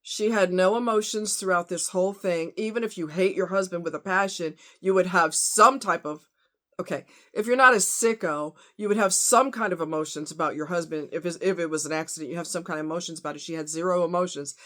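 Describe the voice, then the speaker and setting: A woman's voice: lowish voice, fairly quick, a bit bright. Blunt, fired-up woman vlogger. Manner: talks to viewers as y'all and honey. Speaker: true crime vlogger. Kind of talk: casual true crime commentary.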